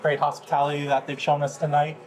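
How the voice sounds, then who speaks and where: A man's voice: fairly high pitch, monotone, quick pace. A man hosting a casual conversation at a restaurant table, steering with questions and frequent "right?" tags. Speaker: host.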